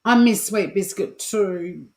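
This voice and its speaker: A woman's voice: mid-range voice, slow pace, echoey room. An Australian woman hosting a casual cooking livestream from her kitchen, chatty and playful, swearing freely and making asides to her viewers. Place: home kitchen. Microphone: home mic.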